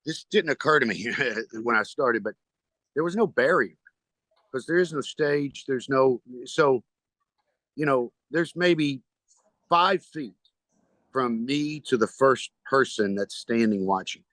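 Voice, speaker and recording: Halting storytelling man, dry close sound. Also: mid-range voice, fairly bright tone, dry recording. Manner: rambling, halting, with restarts and quoted voices. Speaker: stand-up comedian guest. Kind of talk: storytelling in a podcast interview.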